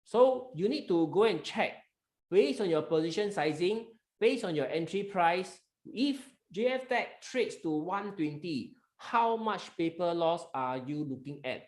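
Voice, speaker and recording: A man's voice: high-pitched, expressive, unhurried, darkish tone, reverberant. A man with a Malaysian accent hosting a live stock market webinar, talking emphatically and coaxing his members, mixing in local slang.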